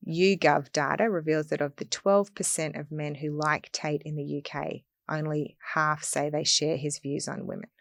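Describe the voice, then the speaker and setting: A woman's voice: deep voice, steady tone, normal speed, gravelly, few pauses, no echo, studio quality. A woman co-hosting a podcast, reading research aloud from notes in a casual discussion and pressing her point earnestly. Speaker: podcast co-host.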